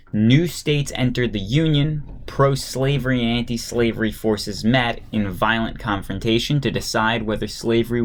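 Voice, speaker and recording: A man reading a history textbook aloud at a steady pace, stopping now and then for a casual aside and sometimes stumbling and restarting a word. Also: fairly low pitch.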